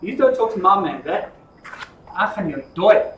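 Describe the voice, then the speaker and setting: A man's voice: high voice, very animated, normal speed, fairly bright tone, slight background noise. A man voicing a haughty, scheming queen, sassy and threatening. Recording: echoey room from far off.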